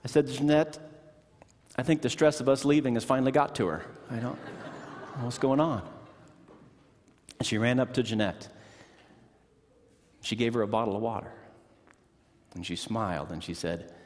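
A middle-aged man preaching a sermon in a church, telling stories with animated energy that drops to hushed tones. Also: mid-range voice, normal speed, pauses often, slight background noise. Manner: animated storytelling, shifting from excited to hushed. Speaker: pastor. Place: church sanctuary. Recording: long hall reverb.

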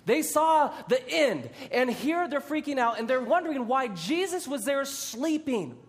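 A man delivers a sermon in a high, lively voice. He tells a Bible story in an animated way. His voice rings with a long echo in a large hall. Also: a little slow. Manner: animated storytelling with dramatic shouted re-enactments. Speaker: preacher.

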